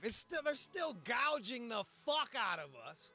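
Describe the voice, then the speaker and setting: Animated high-pitched man telling a profane story. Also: a little slow, faint music behind. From Michigan. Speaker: podcast host. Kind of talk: casual storytelling chat.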